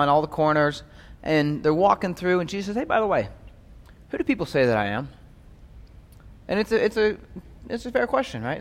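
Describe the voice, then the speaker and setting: A man's voice: a little high, a bit bright. A man leading an evening Bible study as pastor, in an easy conversational manner, often checking in with "right?". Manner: conversational, keeps asking "right?". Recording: long reverb of a hall.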